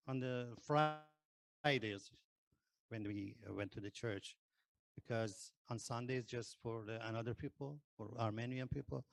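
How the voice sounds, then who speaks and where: A man who is not a native English speaker, telling his conversion testimony in hesitant English full of pauses and fillers. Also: mid-range voice, creaky, dry recording. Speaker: ex-Muslim convert giving testimony. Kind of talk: personal testimony.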